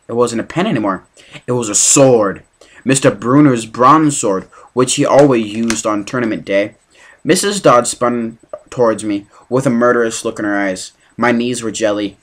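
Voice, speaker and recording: Halting amateur male audiobook reader. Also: medium pitch. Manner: halting, with slips and restarts.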